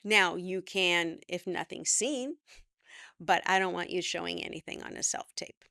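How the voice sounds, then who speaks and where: A middle-aged woman acting coach giving energetic, emphatic advice straight to camera, her voice leaping up when she acts out what actors say. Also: unhurried, creaky, dry recording, clean studio sound. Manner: energetic, emphatic, animated with pitch jumps when quoting.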